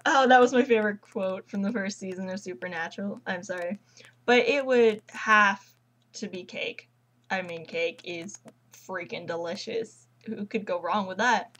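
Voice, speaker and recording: A teenage girl vlogging casually at home, rambling and gushing like an excited fangirl. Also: mid-range voice, normal speed, low-quality recording. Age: teens. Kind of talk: casual chat.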